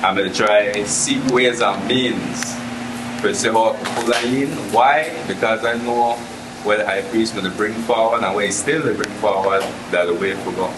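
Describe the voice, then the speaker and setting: Low-voiced man, rambling testimony. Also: fairly even intonation, normal speed. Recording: echoey, noisy recording.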